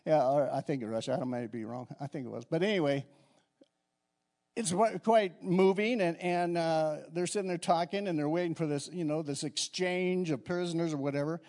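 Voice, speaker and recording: An older man preaching from the pulpit with a fairly high voice. He is animated and swings between quiet, confiding asides and loud, ringing exclamations. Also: moderate pace. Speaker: pastor. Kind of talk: sermon.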